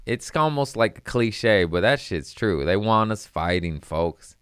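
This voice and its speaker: A man's voice: on the low side, animated, measured pace, clean tone, no echo, clean studio sound. A young adult man, a comedian, rambling casually and profanely, laughing between lines.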